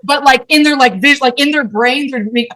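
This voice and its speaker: On a podcast panel, a woman tells a story casually and animatedly, swearing as she acts out the dialogue. She has a high-pitched voice at normal speed.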